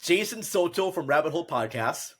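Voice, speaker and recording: A man from Minnesota hosting a casual podcast chat, rambling and halting with lots of fillers. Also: on the high side, lively intonation, fairly bright tone, breathy edge. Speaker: podcast host.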